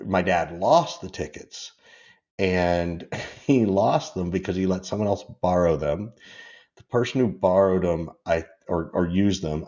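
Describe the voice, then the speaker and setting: Low, dark-voiced man in his fifties, rambling. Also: dull audio. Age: 50s. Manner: rambling, candid, laughs through stories. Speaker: podcast guest. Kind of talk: casual interview storytelling.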